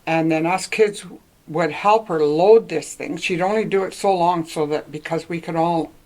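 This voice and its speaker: A woman's voice: on the low side, moderate pace, darkish tone, low-quality recording. A woman in her seventies from northwestern Ontario, reminiscing in a casual oral-history interview and often laughing as she rambles. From northwestern Ontario, Canada.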